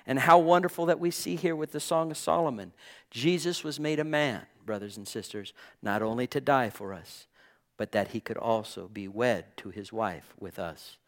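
Guy preaching a bible study, earnest, leans hard on certain words, mid-pitched voice. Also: normal speed. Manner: earnest, emphatic, stretches key words.

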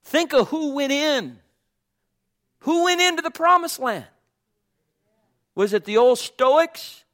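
A male pastor preaching a sermon with passion, swinging from loud calls to hushed whispers and repeating phrases with cries of amen. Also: extremely high pitch, lively intonation, takes it slowly, pauses often.

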